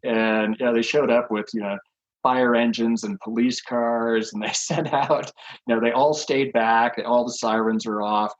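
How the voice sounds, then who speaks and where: A man's voice: medium pitch, fairly even intonation, measured pace, highs cut off. A man in his sixties, a podcast guest telling rambling stories with lots of fillers and chuckles. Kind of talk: casual anecdotal storytelling.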